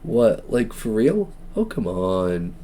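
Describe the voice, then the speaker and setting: A young man streaming a dating game, reading it aloud with excitable, joking reactions. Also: on the low side, slow, a little hiss or hum.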